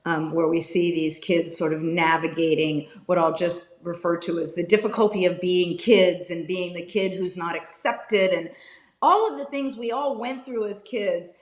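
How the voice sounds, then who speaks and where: A woman's voice: fairly low pitch, fairly even intonation, normal speed, echoey room. A woman NFL analyst talking passionately and with emphasis as a guest on a video call interview.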